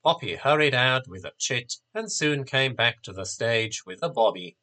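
A man narrating a storybook in a slow, expressive reading. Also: medium pitch.

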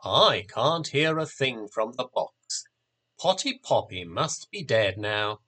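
A man's voice: medium pitch, very animated, slow pace, sharp tone, heavily acted. A man voicing a smarmy, short-tempered male stage magician in a storybook reading. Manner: smarmy, cross.

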